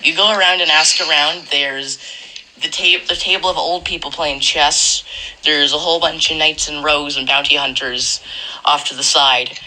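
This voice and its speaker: A woman's voice: low-pitched, steady tone, normal speed, bright, forceful tone, poor audio. A woman running a tabletop game as game master, rambling and correcting herself as she narrates. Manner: rambling, self-correcting, laughs often.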